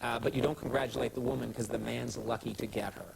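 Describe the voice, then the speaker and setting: A man in his fifties hosting a late-night talk show, joking at his own expense in halting, comic banter. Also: mid-range voice, steady tone, creaky, heavy background noise. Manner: self-deprecating, jokey, halting.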